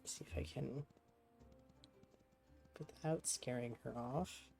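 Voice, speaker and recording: Streamer at a home desk, mellow tone, doting chatter to a pet, faint music behind. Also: medium pitch, fairly even intonation, slow pace, gravelly. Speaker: game streamer. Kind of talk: casual stream chat. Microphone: desk microphone with webcam.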